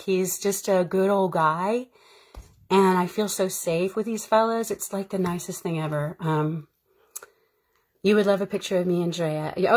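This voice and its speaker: On her live stream, a woman who acts talks in a loose, rambling, heartfelt manner. Her voice is mid-range with a slight roughness, and her chatter is peppered with fillers and frequent laughter.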